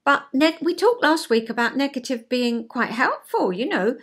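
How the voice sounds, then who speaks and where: A woman's voice: high-pitched, very animated, normal speed, fairly bright tone, breathy edge. An older woman and retired counsellor giving a chatty, homely explanation in her vlog, full of rhetorical questions.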